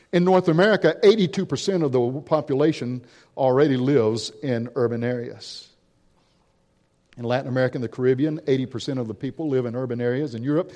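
A man's voice: mid-range voice, mellow, long reverb tail. A man preaching a missionary sermon, mixing statistics with stories and building emphasis on key points. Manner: storytelling with statistics, rising emphasis.

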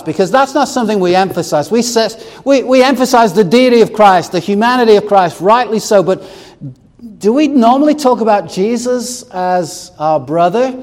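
A man's voice: high voice, expressive, normal speed, a little mellow, long reverb tail. A man preaching a sermon, reading scripture aloud and explaining it verse by verse with touches of humor.

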